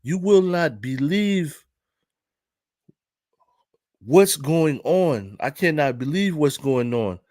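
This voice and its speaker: A man doing an impression of an excited male parking-lot attendant with an African accent, drawing out his words with emphasis. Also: a little high, slow pace, long pauses, no room sound, studio quality. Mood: excited gossip.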